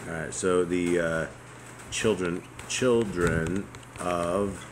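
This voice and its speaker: Deep-voiced man checking dictation. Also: fairly even intonation, drawn-out words, a little hiss or hum. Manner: interrupts to check and repeat punctuation. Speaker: proofreading typist. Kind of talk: casual checking chat.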